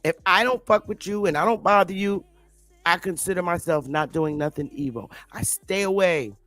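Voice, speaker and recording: A commentary vlogger with a lowish, somewhat bright voice rants at normal speed in an off-the-cuff opinion monologue, with no echo. She comes across defiant and combative, blunt, swearing heavily and repeating her points.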